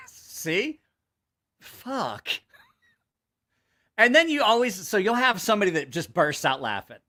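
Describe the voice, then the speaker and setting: A man's voice: high-pitched, quick pace, few pauses. A man hosting his channel, telling crude jokes in casual livestream style, swearing freely and laughing at his own punchlines. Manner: animated joke telling. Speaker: channel host.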